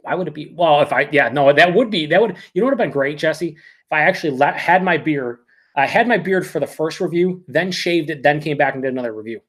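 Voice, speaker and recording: A man hosting a live beer review, ranting excitedly with plenty of swearing and reading viewer comments aloud. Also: a little high, quick pace. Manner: excited, profane and rambling. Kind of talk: casual live-stream rant.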